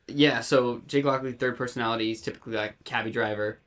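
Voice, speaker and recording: A man talking in a relaxed podcast chat with a middle-of-the-road pitch. He gets animated and keeps slipping into voices to act out the scenes he describes. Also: fast talker. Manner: animated, acts out lines with voices. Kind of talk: casual chat.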